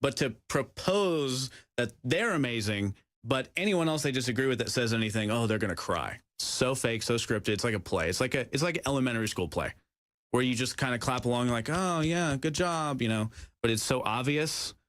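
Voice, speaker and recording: Male co-host, mid pitch, animated and laughing, very dry studio sound. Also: fairly quick, dry recording. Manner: animated, laughs often, mocking asides. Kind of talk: casual political talk.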